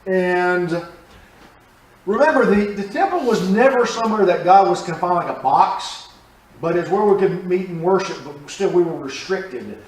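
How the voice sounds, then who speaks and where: A man's voice: high voice, animated, normal speed. A man teaching a church Bible study class, talking conversationally and quizzing his listeners as he explains the passage. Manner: conversational, asks the class questions. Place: church room. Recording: roomy, from a distance.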